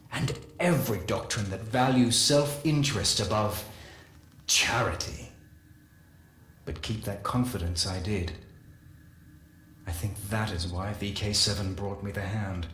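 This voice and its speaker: A man's voice: fairly low pitch, a bit bright. Solemn man narrating lore in a roomy echo. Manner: measured, solemn storytelling with slow deliberate pauses. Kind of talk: dramatic first-person lore reading. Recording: roomy echo with faint hiss.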